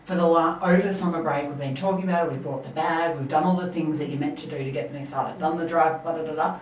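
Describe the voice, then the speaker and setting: A woman's voice: deep voice, steady tone, fast, a little mellow. An Australian woman in her thirties co-hosting a podcast, speaking in an earnest, reflective way during casual chat. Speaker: podcast co-host. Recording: roomy, distant mic, faint background hum.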